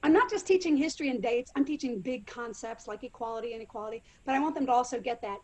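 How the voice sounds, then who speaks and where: A middle-aged woman, a living history actress, answering interview questions in an animated way and acting out quotes. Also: on the high side, quick pace, hardly any pauses. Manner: animated, acts out quotes and accents.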